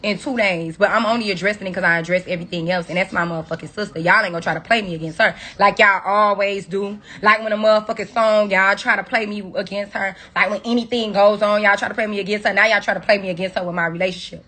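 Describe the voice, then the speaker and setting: A woman's voice: medium pitch, fairly even intonation, fast, few pauses, pushed and bright. A woman on a phone livestream, delivering a profane, confrontational scolding rant at her viewers. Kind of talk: angry rant on a social media livestream.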